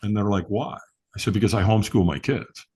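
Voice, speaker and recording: A middle-aged firewalk instructor appears as an interview guest, telling stories fast in a fairly low, slightly rough voice. In the casual chat he's an animated storyteller, acting out quotes and laughing often.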